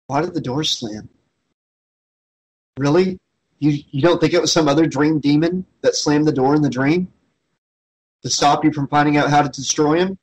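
A man's voice: a little high, moderate pace, long pauses, darkish tone, breathy edge, rough recording. A man co-hosting a casual comedy movie commentary, chatting loosely and sharing trivia about the film. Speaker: riff commentary co-host.

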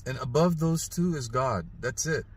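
A middle-aged father speaking earnestly in a heartfelt personal video message, halting and emotional at times. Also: mid-range voice, expressive, breathy edge. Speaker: father posting an apology video.

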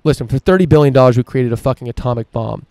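A man's voice: medium pitch, fast talker, gravelly, dark tone, no echo. A man hosting a solo opinion podcast, ranting emphatically and swearing freely. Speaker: podcast host.

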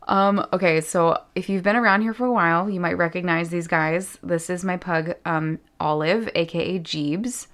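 A woman's voice: lowish voice, steady tone, measured pace, fairly bright tone. A woman vlogger chatting casually as she unboxes fan mail at home, effusive and often dropping to an awed whisper. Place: home studio.

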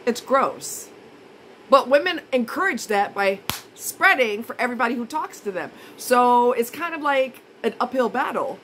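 A woman's voice: fairly high pitch, animated, normal speed, a bit bright, slight background noise, low-quality recording. A woman vlogger in a casual monologue, blunt and indignant, repeating her points for emphasis.

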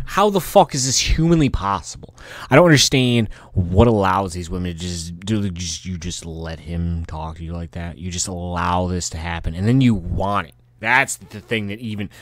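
This low-pitched podcast host was recorded dry. He delivers a rambling, profane rant broken by angry bursts and frequent restarts.

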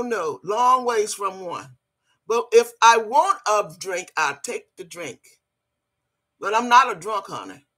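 An older woman hosts a casual livestream in a fairly high, fairly bright voice. She greets chat viewers by name and scolds critics in a blunt, feisty way.

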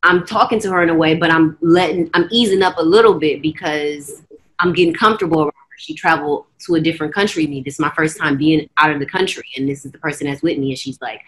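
A young American woman with a notably low-pitched voice, telling her personal story candidly. She talks in an earnest, fast-flowing way and often slips into quoted dialogue. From United States. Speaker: guest.

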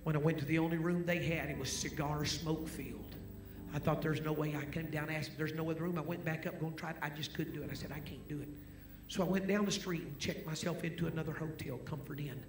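A man preaching a sermon as a guest preacher, telling stories dramatically and moving between hushed whispers and loud proclaiming. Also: a little high, fairly even intonation, quick pace. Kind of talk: sermon storytelling. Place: church sanctuary. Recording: echoey church with music behind.

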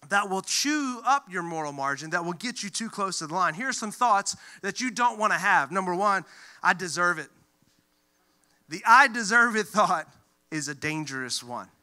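A male pastor giving a lively, joking sermon, acting out the voices he quotes. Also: high-pitched, smooth. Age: adult who grew up in church, looks back on age twelve. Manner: animated, jokey, acts out quoted voices.

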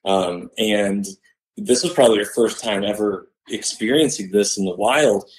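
A man's voice: lowish voice, normal speed, poor audio. A man, a podcast guest and hunter, telling a story casually and acting out the voices of the people in it. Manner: animated, acts out quoted voices.

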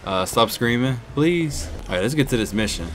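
A man giving excitable live commentary while playing a video game, trash-talking and whooping at the action. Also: mid-range voice, moderate pace. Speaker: gaming YouTuber. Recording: game music playing behind.

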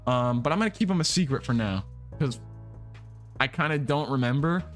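A young man chats loosely through a game livestream, his voice sitting at an ordinary middle pitch. He rambles and restarts his sentences in a relaxed way. Quiet music plays softly behind him. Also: brisk. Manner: relaxed, rambling, repeats words and restarts often. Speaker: livestream gamer host. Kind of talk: casual livestream chat while playing. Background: soft background music.

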